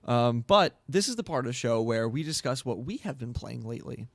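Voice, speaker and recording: A man's voice: mid-range voice, lively intonation, fairly quick, gravelly, dry recording, studio quality. A man co-hosting an internet radio show, chatting casually about video games with lots of fillers and laughter. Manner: rambling, laughs often, many fillers. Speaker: co-host.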